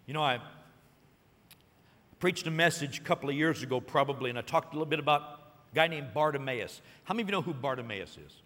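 A man preaching a sermon, telling a story with lively acted-out voices and rising to excited peaks. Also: a little high, quick pace, in a large hall. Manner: animated storytelling, acting out voices and building to shouted peaks. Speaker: pastor.

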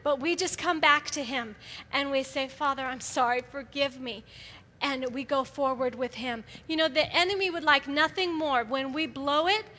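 A middle-aged woman giving an animated sermon to a gathering of women, often laughing as she speaks. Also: high-pitched, normal speed. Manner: animated, laughs often, acts out quoted voices. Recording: live hall with long reverb.

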